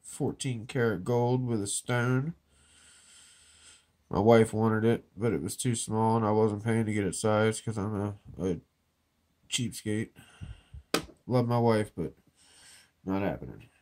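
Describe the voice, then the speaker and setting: A metal detecting vlogger with a cold presents his finds from an office, clearing his throat along the way, with a little hiss or hum on the recording. His lowish, warm voice is unhurried and pauses often, and his manner is laid-back, joking, and a touch rambling.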